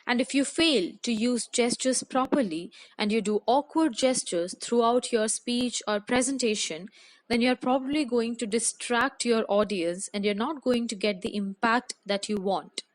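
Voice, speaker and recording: A woman teacher with an Indian English accent, giving a measured, scripted lesson on public speaking and listing her points one by one. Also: on the high side. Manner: measured, instructive, enumerating points.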